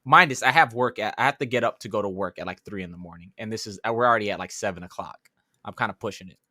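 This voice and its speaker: Talking fast in a fairly low voice, this young man from the New York City area co-hosts a podcast, animatedly telling a story in casual chat and cursing as he acts out how he reacted. The sound is clean studio audio with no room sound.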